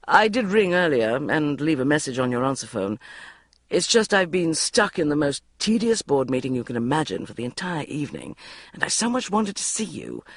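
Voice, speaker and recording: A gentle, polite young man, as an audiobook narrator puts him on, soft-spoken and smoothly courteous. The reading is close and dry, with a lively rise and fall in the voice. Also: mid-range voice, no echo.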